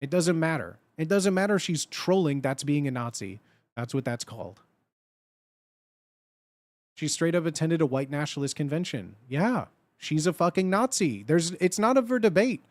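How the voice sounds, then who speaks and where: A man's voice: a little high, lively intonation, normal speed, no echo. A man in his thirties chatting casually on a livestream, blunt and profane, and laughing often.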